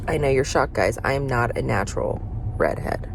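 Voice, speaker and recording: Chatty low-voiced woman vlogging. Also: animated, brisk, gravelly, noisy background. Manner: chatty, many "like" fillers. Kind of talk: casual vlog chat. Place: car and home.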